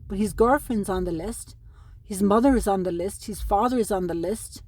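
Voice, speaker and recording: A woman's voice: medium pitch, normal speed, mellow. A middle-aged Irish woman from Ireland, making an emotional plea straight to camera, aggrieved and pleading as she talks to her sons. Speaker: mother speaking to camera about custody. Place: at home in New Mexico.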